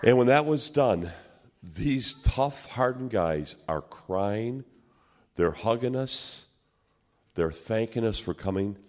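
A man preaching, telling a personal testimony as an animated storyteller who acts out the people he quotes. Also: on the low side, slow pace. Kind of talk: sermon storytelling.

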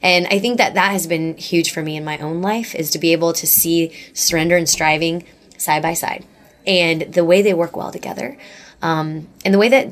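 A woman guest speaker talking earnestly about faith in an interview, with lots of "like" and restarts. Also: deep voice. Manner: earnest, gushing, many likes and restarts.

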